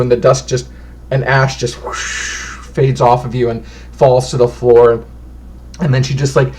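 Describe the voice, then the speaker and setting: A man's voice: medium pitch, a little mellow. A man narrating as game master of a tabletop game in a loose, descriptive way, with many fillers.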